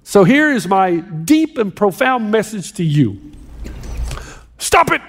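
Pastor guy preaching, really high voice, lively and jokey, big echoey hall. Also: a little slow. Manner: animated, joking preacher. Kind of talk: sermon. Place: large hall with audience. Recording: long hall reverb.

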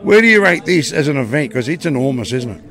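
A man's voice: on the high side, lively intonation, fast, a bit bright. An Australian man hosting a podcast, chatting matily with people at an outdoor festival. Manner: chatty, matey banter. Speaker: podcast host. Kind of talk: on-site festival interviews.

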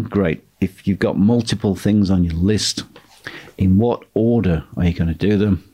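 A man talks through an instructional lesson on property investing, his voice sitting very low. There's a husky edge to his tone as he lays out points steadily and emphatically, circling back to repeat key phrases. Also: darkish tone. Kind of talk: instructional monologue.

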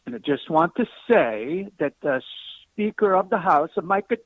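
Man doing a slow, hammy Italian-accented caller, lively high pitch, husky, over a tinny phone line. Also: dry recording. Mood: mocking. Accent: put-on Italian. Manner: halting, slow, exaggerated put-on accent. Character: joking caller putting on an Italian man's voice.

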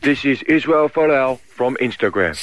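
A man's voice: medium pitch, expressive, normal speed, background noise, close to an everyday voice. A man playing a smug, self-righteous celebrity who demands money in a parody scam phone call. He speaks in a mock-solemn comedy sketch.

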